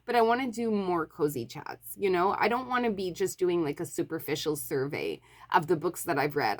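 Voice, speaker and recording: A woman from Montreal, a book vlogger, chatting casually to camera and apologizing often, with lots of fillers and restarts. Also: deep voice. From Montreal, Canada.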